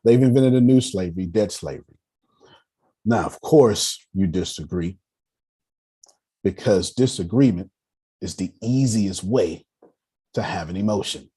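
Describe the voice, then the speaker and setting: Male finance teacher in his thirties, low husky voice, emphatic storyteller who repeats lines to drive them home. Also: dark tone. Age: 30s. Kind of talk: lively motivational lecture to a live audience.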